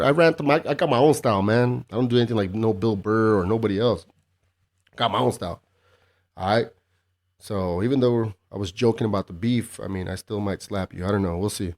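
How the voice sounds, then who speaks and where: A man hosting his own podcast solo, chatting casually in a profane, rambling, sarcastic way. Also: fairly low pitch. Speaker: podcast host.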